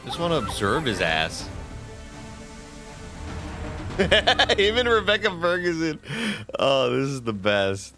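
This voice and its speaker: Excitable swearing male game streamer. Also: medium pitch, measured pace. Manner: excitable, profane, laughing, talks to chat. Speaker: streamer playing a video game. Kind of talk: live gameplay commentary. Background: game music and sound effects.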